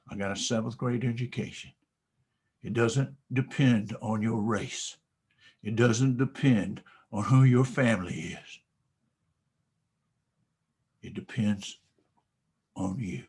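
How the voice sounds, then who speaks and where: A man giving a motivational speech, telling a story dramatically and swinging from whispers to loud bursts. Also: fairly low pitch, takes it slowly, long pauses, husky. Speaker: motivational speaker.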